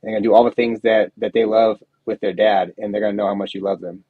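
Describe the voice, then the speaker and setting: A man's voice: lowish voice, flat delivery, quick pace, dry recording, narrow, tinny audio. A man hosting a livestream interview, speaking encouragingly and repeating words as he starts sentences. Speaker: host.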